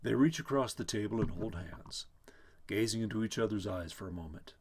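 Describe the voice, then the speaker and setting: A man reads a play aloud, taking the stage directions at a measured, even pace. His voice sits low, with a husky grain. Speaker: reader. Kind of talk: dramatic reading of a play.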